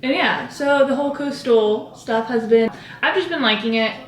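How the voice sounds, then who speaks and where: A woman's voice: a little high, normal speed, echoey room. A young woman vlogging at home, rambling and chatty with lots of fillers as she talks to the camera while doing her makeup. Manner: rambling, filler-heavy, self-interrupting. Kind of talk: chatty vlog talking to camera.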